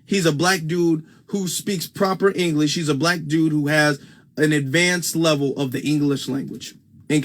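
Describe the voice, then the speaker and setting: A man's voice: fairly high pitch, a bit bright. A man with a Midwestern US accent hosting a casual livestream on a phone, emphatic and repeating his points for stress. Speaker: livestream host.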